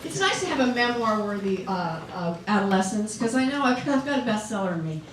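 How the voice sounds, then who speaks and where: A woman's voice: medium pitch, big pitch swings, brisk, background noise. A middle-aged woman performing a chatty, self-mocking stand-up set and asking the audience questions. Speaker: stand-up comedian. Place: comedy club stage with audience. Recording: echoey club, distant mic, loud audience. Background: audience laughing.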